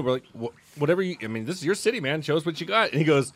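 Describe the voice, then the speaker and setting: Fast-talking man telling stories. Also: mid-range voice, lively intonation, fairly bright tone. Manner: fast storytelling with quoted voices. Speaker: podcast co-host. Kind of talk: casual chat.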